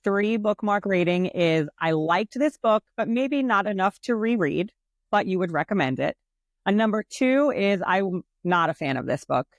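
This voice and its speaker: A woman with a New York accent co-hosts a casual book podcast. She reads aloud in a steady, measured way, at a middle pitch. The sound is dry and close, with no room echo. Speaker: podcast co-host. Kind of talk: casual book-chat, reading a summary aloud.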